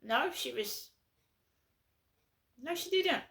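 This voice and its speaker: Slow gravelly woman ranting. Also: high voice, lively intonation, a bit bright. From London. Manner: aggrieved, ranting, repetitive. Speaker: vlogger. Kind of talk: casual to-camera monologue.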